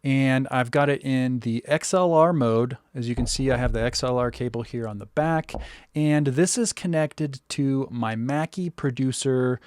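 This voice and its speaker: A man's voice: medium pitch, measured pace, smooth, dry recording, studio quality. A man giving a casual, step-by-step spoken review of a microphone. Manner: relaxed, conversational, explaining step by step. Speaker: tech reviewer.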